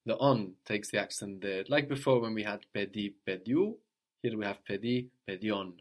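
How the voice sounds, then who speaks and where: A man teaching a language lesson, patiently prompting and repeating answers slowly. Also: on the low side.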